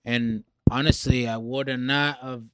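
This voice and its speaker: A man's voice: medium pitch, steady tone, measured pace, a little hiss or hum. A man in casual podcast chat, loose and profane, often restarting his sentences.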